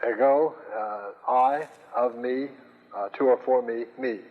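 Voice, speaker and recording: Man lecturing on Greek grammar, patient and halting, in a lo-fi recording with long reverb. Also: medium pitch. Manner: slow, patient, hesitant with many fillers. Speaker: Greek teacher.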